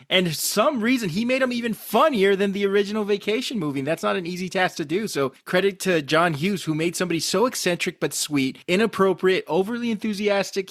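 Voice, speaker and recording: A man's voice: high voice, a bit bright, no room sound. Podcast host man with a dry sound. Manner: steers with questions, measured commentary. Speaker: podcast host leading the questions. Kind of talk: casual podcast chat.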